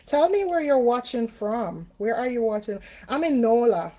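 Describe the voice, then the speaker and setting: A woman's voice: on the high side, big pitch swings, normal speed, mellow. A woman from Jamaica with a Jamaican accent, hosting a casual live-stream at home as a spiritual reader. She chats with her viewers and greets them by name. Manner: chatty, greets viewers by name, many fillers. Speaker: spiritual reader and livestream host.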